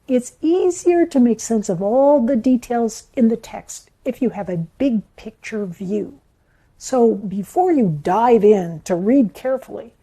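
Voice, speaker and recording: A woman narrates a learning lesson at an unhurried pace. Her voice is very mellow and dark, a little high for a woman. She explains each step in a measured way. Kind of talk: scripted educational narration.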